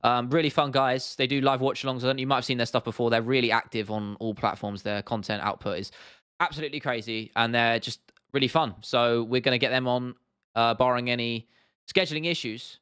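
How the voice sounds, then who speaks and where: Young southern English man, livestream host, loose and chatty, bright, smooth delivery. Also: medium pitch, fairly even intonation, fairly quick. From southern England. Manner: chatty, laughs often, repeats himself, addresses chat as bro and lad. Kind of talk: casual livestream chat reading viewer comments.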